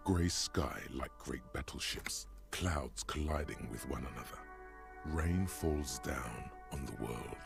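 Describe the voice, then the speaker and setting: An actor voicing a brooding male narrator in a video game, speaking in a deep, gravelly voice. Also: takes it slowly, music in the background, heavily acted.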